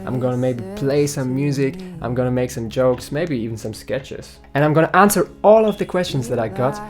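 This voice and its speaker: A man's voice: medium pitch, a little fast. A young man from Germany, chatting upbeat and jokey as he answers viewer questions in a vlog. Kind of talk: casual Q&A vlog. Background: faint guitar music.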